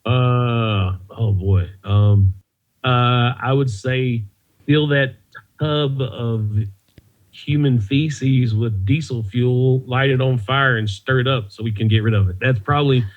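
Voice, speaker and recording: A man's voice: mid-range voice, fairly even intonation, slow. A comedian man telling rambling, easygoing stories in a mid-range voice. His audio is dull and lo-fi, like a muffled video call. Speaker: comedian, podcast guest. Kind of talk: casual storytelling interview.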